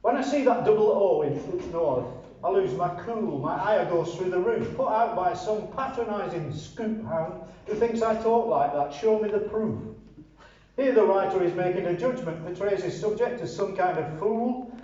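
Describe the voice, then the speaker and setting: A man's voice: sits high, expressive, normal speed, dark tone, slight background noise. An older man from northern England giving dry, sardonic commentary and reading his own poetry. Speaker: poet and commentator. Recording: roomy, distant, muffled mic with faint ambience.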